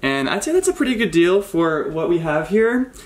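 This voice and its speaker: A man in his twenties, chatting excitedly to a handheld camera on a solo road trip. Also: high-pitched, moderate pace. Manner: excitable and chatty, talking to himself on a solo drive. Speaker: vlogger. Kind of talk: casual travel vlog talk to camera. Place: in a car and outdoors on rural roads. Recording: audible car and outdoor noise.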